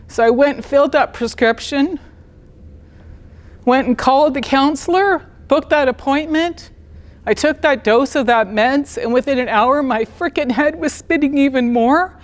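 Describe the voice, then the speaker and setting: A woman in her fifties on a stage, telling her personal story in an animated, blunt and candid way. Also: high voice, normal speed, big-room sound. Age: 50s. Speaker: speaker at a talk event.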